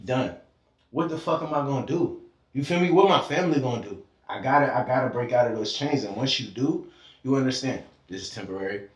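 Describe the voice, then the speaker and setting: A man's voice: mid-range voice, animated, a little fast. A man from Georgia, a podcast guest, talking in a fervent, preachy way and swearing freely in a casual heart-to-heart conversation. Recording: echoey room, distant mic.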